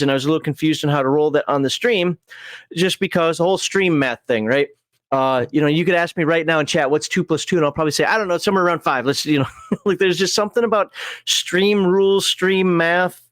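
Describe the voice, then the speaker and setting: A man's voice: fairly high pitch, dry recording, clean studio sound. A man casually reading game rules on a livestream, rambling with frequent chuckles and side tangents. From American Upper Midwest.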